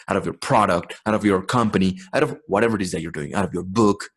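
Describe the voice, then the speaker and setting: A man's voice: fairly low pitch, husky. A man hosting a podcast, delivering a blunt, swearing, intense motivational monologue. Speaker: podcast host.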